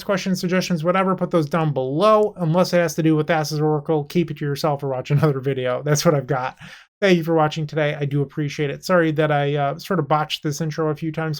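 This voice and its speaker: Young male channel host, casual gaming chat, blunt and a bit exasperated. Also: fairly high pitch. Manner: frank, slightly exasperated, talks straight to viewers. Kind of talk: casual gaming commentary to camera.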